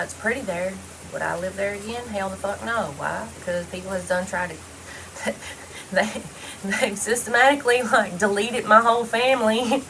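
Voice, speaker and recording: A woman in a loose, rambling monologue, blunt and full of swearing, her voice sitting at an everyday middle pitch. A faint hum of noise runs underneath her. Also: creaky. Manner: blunt and heavily profane, loose rambling talk. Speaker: vlogger. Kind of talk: casual personal monologue.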